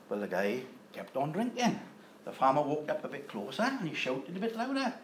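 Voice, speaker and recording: A man's voice: on the high side, huge pitch swings, a little hiss or hum. Preacher man in an echoey room. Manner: measured, unhurried reading with throat clearing. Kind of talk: joke telling, then scripture reading.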